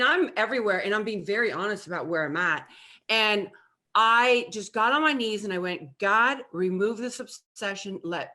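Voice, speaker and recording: Co-host, woman, bright clear tone, candid and reflective storyteller. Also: on the high side.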